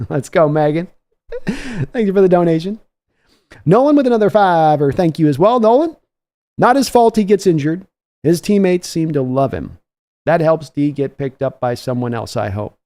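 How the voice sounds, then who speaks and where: A man's voice: a little high, big pitch swings, normal speed, long pauses, dark tone. A man hosting a live stream, giving casual play-by-play commentary and chatting with viewers between plays. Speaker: livestream host giving play-by-play reaction.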